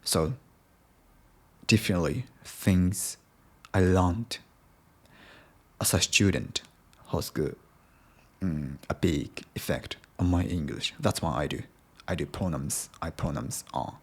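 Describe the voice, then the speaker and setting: A man's voice: low voice, takes it slowly, long pauses, husky. A young Japanese man with a Japanese accent, hosting a casual solo podcast in English, hesitant and full of restarts. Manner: hesitant, many restarts and self-corrections. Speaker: podcast host.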